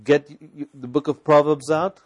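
A man's voice: on the high side, steady tone, normal speed. A male preacher delivers a sermon, voice sitting a little above the usual male range. He drives his points home through repetition and constant questions to the room, mixing in recited scripture. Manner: exhorting, repetitive, rhetorical questions.

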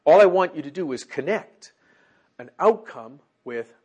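A man preaching a sermon and leading prayer before a congregation in church. He exhorts earnestly, dropping to soft, near-murmured phrases and then rising again. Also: on the high side, lively intonation, unhurried, slightly rough.

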